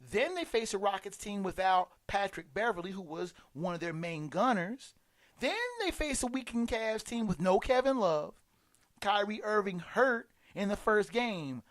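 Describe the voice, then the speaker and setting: A man delivering a sarcastic, emphatic sports commentary monologue, stumbling and restarting often. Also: high-pitched.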